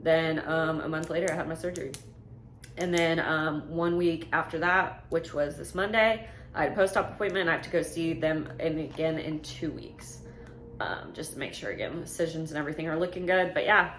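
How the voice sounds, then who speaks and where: A young woman in her twenties with a drawl chats frankly in a casual vlog, with lots of "um" and "like". Her voice sits a little low, and faint room hum runs behind her. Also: fairly bright tone. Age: 20s. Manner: chatty, filler-heavy, frank. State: slightly out of breath. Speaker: vlogger.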